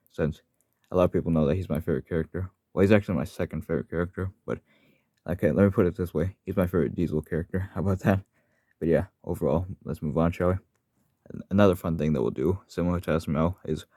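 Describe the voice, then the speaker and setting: A man's voice: low voice, fast, warm tone, no echo, clean studio sound. A man talking casually on his channel about the characters he voices, rambling and often correcting himself. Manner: rambling, self-correcting, apologetic. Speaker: fan voice actor for his channel. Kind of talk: casual vlog monologue.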